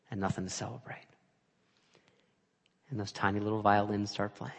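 A man's voice: on the low side, fairly even intonation, moderate pace, vocal fry, long pauses, a bit bright, husky. Dramatic male preacher in a reverberant hall. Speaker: pastor. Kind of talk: sermon.

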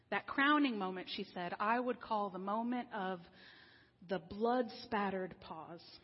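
A woman minister giving a sermon in a conversational, wry way, slowing down for serious points. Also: mid-range voice, breathy edge. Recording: dull lo-fi sound with long hall reverb.

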